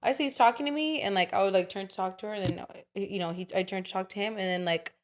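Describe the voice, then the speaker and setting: A young woman talks in a loose, unfiltered way as she tells a story on a podcast. Her speech is full of "like" and curse words. She rambles in an animated way, with her pitch in the middle range for a woman. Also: fast. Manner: animated storyteller, swears freely, fillers like "like". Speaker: podcast co-host. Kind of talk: casual chat.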